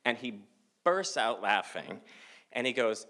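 A man's voice: on the low side, a little slow. A man in his forties from Massachusetts, telling a self-mocking story live on a theater stage. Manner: animated, self-mocking, acts out dialogue.

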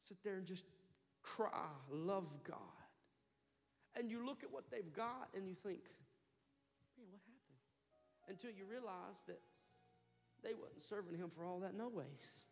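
Brief: male pastor, high voice, fervent storytelling sermon, reverberant church, music faint behind. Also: unhurried, gravelly. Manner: impassioned storytelling preacher, building to loud fervor. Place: church sanctuary.

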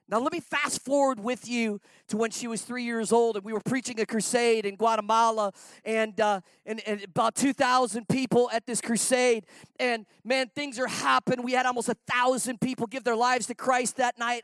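A middle-aged man preaching a sermon on a stage, telling stories emphatically and swinging between loud outbursts and hushed lines. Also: extremely high pitch, no room sound, poor audio. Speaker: traveling preacher.

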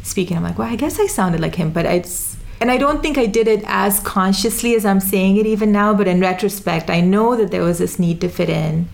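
A woman's voice: medium pitch, a little fast, gravelly, few pauses, a little mellow. A young woman with an American accent, thoughtfully telling her own story in an interview. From Sudan, raised in Dubai and Jeddah. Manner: thoughtful, with frequent restarts and "you know". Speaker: interview guest. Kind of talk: reflective conversational storytelling.

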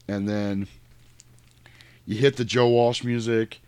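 A man talks through film scenes in a loose, profane, animated way. He is close to the mic, with a dry sound and no room around it. His pitch sits in the middle for a man. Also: normal speed, clear, resonant tone, dry recording. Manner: crude, animated retelling with shrill mock voices. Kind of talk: casual movie chat.

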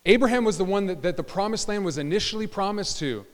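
A man preaching a sermon as a pastor in a church, animated and joking with asides to the congregation. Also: high-pitched, quick pace. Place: church sanctuary. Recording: church hall reverb.

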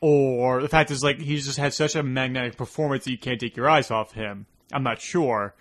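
A man's voice: medium pitch, normal speed. A young man with a New York accent, co-hosting a casual film podcast and talking in loose, rambling stretches full of "like". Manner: rambling, acts out characters in animated bursts. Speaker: podcast co-host.

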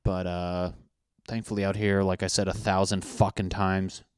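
Podcast host, man, low voice, dry close mic, rambling and profane. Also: flat delivery, moderate pace, clear, resonant tone, no echo. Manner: profane, tangent-prone, jokey. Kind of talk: rambling casual monologue. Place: apartment in Los Angeles.

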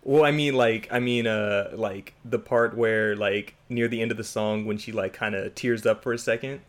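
Casting: man, mid-pitched, filler-heavy halting storyteller, casual chat. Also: steady tone.

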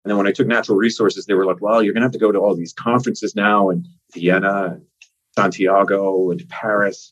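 A man's voice: on the low side, fairly even intonation, brisk, a bit bright, breathy edge. A man from Newfoundland with a Newfoundland accent, chatting casually as a guest over a remote call, with many fillers and restarts. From Newfoundland, Canada. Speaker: government minister, podcast guest. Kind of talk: casual interview talk. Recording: dull lo-fi remote audio.

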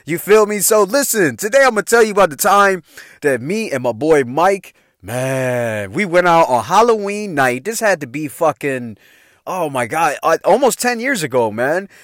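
A man with a Chicago accent tells a comedic story on his podcast. His voice sits a touch high and bounces all over, full of slang, swearing and laughter at his own jokes. The sound is dry and close, with no room around it. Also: sing-song, moderate pace, fairly bright tone, dry recording. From Chicago area, Illinois. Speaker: podcast host.

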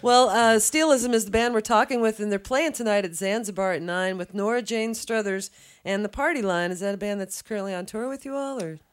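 A woman's voice: mid-range voice, brisk, few pauses. A woman hosting a live radio interview in a studio, chatty and friendly, asking loose questions with a few fillers. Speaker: radio host. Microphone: studio microphone.

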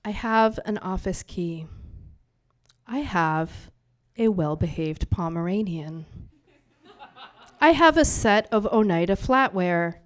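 A woman delivers spoken-word poetry live from a bar stage, her voice smooth and clear. She is brash and profane, teasing the crowd with playful banter. Her pitch sits in an ordinary middle range. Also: expressive, slow, pauses often.

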